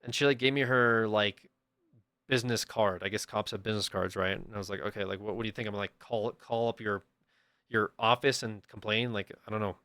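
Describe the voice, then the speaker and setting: A young man, a livestreamer, casually telling a story to his chat and acting out the people in it with sudden loud bursts. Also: lowish voice, steady tone, fairly quick, no room sound, studio quality.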